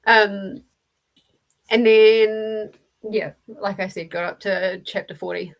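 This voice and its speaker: Casting: woman with a New Zealand accent, chatty book club host, mid pitch. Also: steady tone, slow, creaky, poor audio. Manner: chatty, laughing storyteller. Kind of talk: casual chat.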